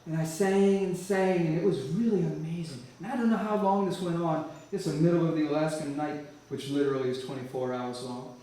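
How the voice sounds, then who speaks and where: A man telling his life story from the church floor, vivid and animated, often breaking off to restart a phrase. His voice sits a little high for a man. A very echoey hall carries it to a mic some distance away. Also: brisk, hardly any pauses. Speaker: church speaker giving a testimony. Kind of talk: storytelling sermon testimony.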